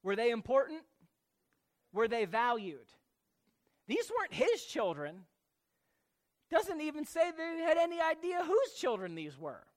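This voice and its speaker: A preacher teaching a sermon from scripture, speaking slowly and deliberately, repeating key words and asking the listeners questions. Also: sits high, huge pitch swings.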